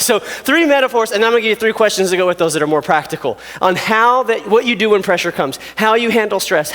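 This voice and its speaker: Man, youth speaker, high voice, casual and animated, big reverberant hall. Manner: chatty, animated, laughs often, many "okay?" check-ins. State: out of breath. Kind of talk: talk to a youth group.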